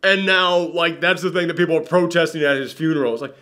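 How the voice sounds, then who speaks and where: A young man reviewing a movie in a casual chat, talking in an animated way and using lots of fillers. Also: a little high, quick pace. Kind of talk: casual conversation.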